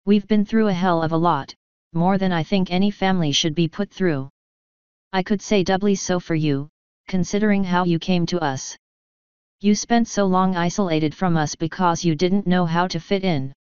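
Brief: woman playing a firm, earnest pony dad, low smooth voice, dull lo-fi sound. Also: normal speed, darkish tone, no echo, close to an everyday voice. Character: earnest middle-aged stallion father, steady leader. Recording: slightly dull, lo-fi.

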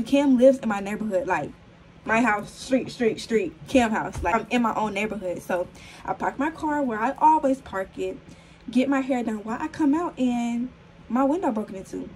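A young woman in her twenties talks casually to her phone camera at home, her voice a bit hoarse. She is chatty and full of fillers, calls her viewers y'all, and sits a little higher than most women, with faint room noise under her. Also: animated, normal speed, darkish tone, poor audio. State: slightly hoarse. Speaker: vlogger. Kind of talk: casual vlog talk to camera.

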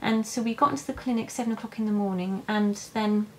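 A young woman tells her birth story in a casual vlog. Her voice is mid-pitched and she talks haltingly, with many fillers and restarts, and at times she is openly emotional. A faint hiss runs under the recording. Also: a little mellow, rough recording. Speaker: vlogger.

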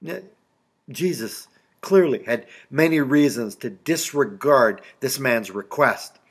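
A man's voice: medium pitch, slow, husky. A middle-aged male pastor giving a sermon in a conversational preaching style, often asking his listeners rhetorical questions. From Canada.

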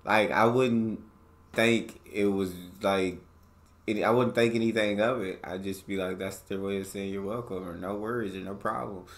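A man's voice: on the low side, steady tone, normal speed. A man hosting a reaction video, chatting casually and laid-back, laughing often.

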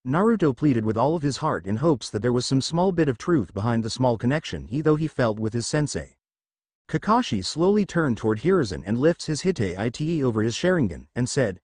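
A man reading a fan fiction story aloud as narrator, in an expressive way. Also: mid-range voice, fairly quick, no room sound, clean studio sound.

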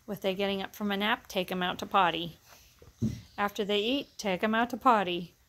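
A woman dog breeder filming her puppies, chatting casually to viewers and praising the pups in a high sing-song voice. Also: steady tone, moderate pace, fairly bright tone. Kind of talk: casual vlog narration while filming puppies.

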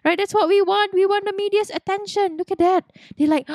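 A young woman hosting a let's play, narrating a life-sim game in a bubbly, excitable way. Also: extremely high pitch, brisk, no echo, clean studio sound. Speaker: gaming channel host.

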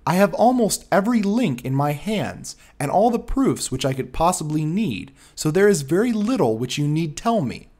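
A man voicing a calm, sternly authoritative male detective in a storybook reading. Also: on the high side, moderate pace, hardly any pauses. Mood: coolly accusing. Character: cool, commanding male detective, sharp and dry.

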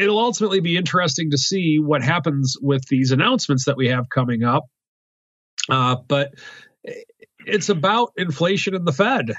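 A man's voice: on the high side, a bit bright, no echo. A man co-hosting a market podcast, talking casually and hesitantly with frequent fillers. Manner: hesitant, many fillers and restarts. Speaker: co-host, wealth manager. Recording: dull dry remote line.

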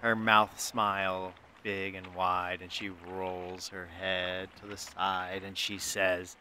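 A man narrating a tabletop game as game master in a slow, soft storytelling voice. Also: deep voice, little pitch movement, slight background noise.

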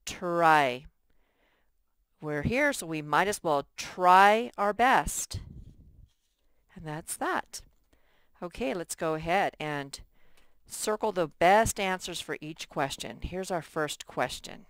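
A woman's voice: on the low side, lively intonation, slow, long pauses, fairly bright tone, smooth, no room sound. A woman teaching a first-grade workbook lesson, patiently sounding out words for young children.

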